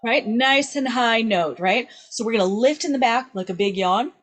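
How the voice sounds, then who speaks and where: A young adult woman leads a singing lesson in a lively, demonstrative way. Her speaking voice sits a little high. She keeps checking in with the viewer, tagging "right?" onto nearly every phrase. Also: normal speed. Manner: upbeat, checks in with "right?" constantly, demonstrates sounds. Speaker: singing teacher. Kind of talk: vocal lesson to camera.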